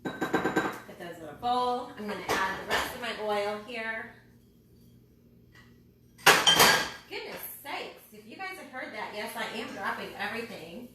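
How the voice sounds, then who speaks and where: A woman's voice: fairly high pitch, wildly swooping pitch, normal speed. A woman hosting a casual live cooking demonstration from her home kitchen, chatty and rambling, poking fun at her own slips. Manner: chatty, rambling, self-deprecating. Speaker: cooking show host. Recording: echoey kitchen, loud frying noise. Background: sizzling pan and kitchen clatter.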